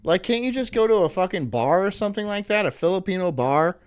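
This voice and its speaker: A male stream host in casual, rambling commentary, his pitch bouncing freely up and down. He sounds sarcastic and breaks into laughter easily as he reacts to a clip. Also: lively intonation, fast, darkish tone, clear, resonant tone.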